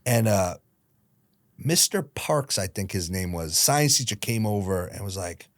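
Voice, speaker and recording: Guest storyteller, male, late 30s: animated, jumps into quoted voices, dry close mic. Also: low-pitched, dry recording. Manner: lively retelling, acting out quoted voices, quick asides. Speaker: guest, hockey team founder. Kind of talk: storytelling in a podcast interview.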